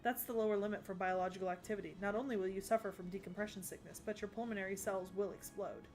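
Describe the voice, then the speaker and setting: An urgent young doctor on comms. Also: male voice, high voice, steady tone, soft background music. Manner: quick, technical and urgent. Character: anxious young male doctor giving readings over comms. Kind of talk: English anime dub acting.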